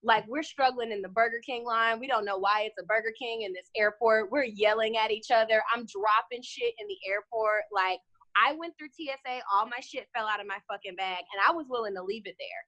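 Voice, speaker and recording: A woman's voice: fairly high pitch, a little fast, sharp tone, muffled recording. A woman co-hosting a podcast, telling a rambling, swearing travel anecdote in casual chat. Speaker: podcast co-host. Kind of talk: casual storytelling.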